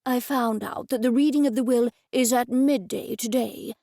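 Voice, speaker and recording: A cheerful older man laying out his schemes, read by a woman narrator. His lines come gravelly and dry, close to the mic, with a brisk, upbeat manner. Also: a little high, steady tone, mellow, no room sound, natural voice.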